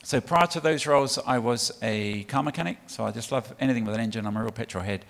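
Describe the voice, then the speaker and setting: A man's voice: medium pitch, fast, creaky, fairly bright tone. A middle-aged man from England speaking as a guest preacher to a church, chatty, with many ums and restarts. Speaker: guest speaker for a child sponsorship charity. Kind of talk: sermon talk to a church congregation. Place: church hall. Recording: long reverb of a large hall.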